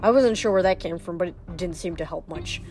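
A woman's voice: lowish voice, fairly quick, darkish tone, soft background music. A woman reading a novel aloud in the first person, plainly and with small slips and restarts. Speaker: reader.

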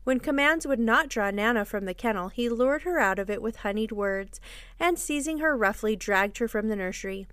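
A woman host reading a children's classic aloud in an expressive, measured storybook style. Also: on the high side, clean tone, dry recording, studio quality. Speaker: podcast host and reader. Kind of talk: storybook narration.

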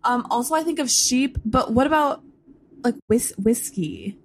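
A woman's voice: fairly high pitch, expressive, measured pace, breathy edge. A woman from the United States on a podcast panel, guessing eagerly and giggling often. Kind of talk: casual podcast chat.

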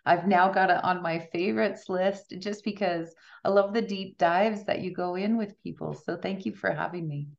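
A woman's voice: on the low side, normal speed, creaky, few pauses, dull audio. A middle-aged woman, an author guest on a podcast, telling stories in a chatty way and often laughing. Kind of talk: casual interview storytelling.

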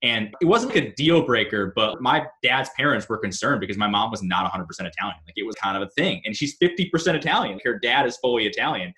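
A man chatting casually as co-host, wry, with a quick line of reasoning. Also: medium pitch, lively intonation, sharp tone. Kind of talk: casual chat.

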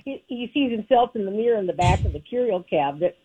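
Very husky woman, dog owner. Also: medium pitch, lively intonation, quick pace, narrow, tinny audio. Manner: brief, plain replies. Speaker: dog owner seeking advice.

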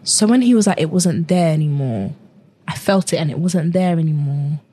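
A young woman tells her own story in earnest, acting out the voices of people she met along the way. Her voice sits a little low and has a husky edge. The recording is dry, with no room sound around her. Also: moderate pace, dark tone, no echo. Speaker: guest. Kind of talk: personal testimony in a conversation.

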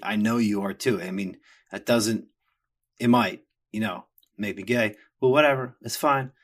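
A man's voice: lowish voice, unhurried. A middle-aged man, hosting a podcast in a crude, joking, rambling casual rant. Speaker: podcast host.

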